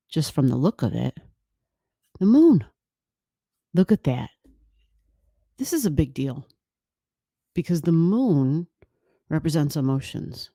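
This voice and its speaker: A woman's voice: low-pitched, dark tone, no room sound, studio quality. A woman hosting an astrology channel, explaining in a casual, playful, chatty way to camera. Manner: playful, laughing, chatty with quoted asides.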